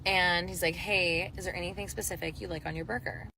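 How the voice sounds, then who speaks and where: Woman, young adult, slightly low voice, casual storytelling, lots of "like" fillers, faint background hiss. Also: steady tone, a little fast, vocal fry, sharp tone, poor audio. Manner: chatty, full of "like" fillers. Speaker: storyteller sharing a dating story.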